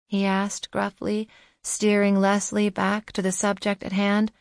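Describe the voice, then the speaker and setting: This is a woman's scripted audiobook narration of a novel, delivered evenly and with measured storytelling. The recording is dry and clean, studio-grade, and her pitch is medium.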